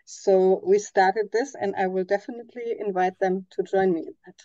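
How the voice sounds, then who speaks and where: A woman co-host chatting casually, hesitant and soft-spoken. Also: medium pitch, steady tone, moderate pace, dull audio, crowd noise. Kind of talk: casual chat.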